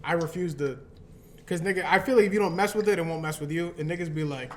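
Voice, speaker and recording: A man's voice: fairly high pitch, quick pace, slight background noise. A man, a comedian, ranting animatedly in a casual chat, swearing heavily. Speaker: comedian, podcast guest.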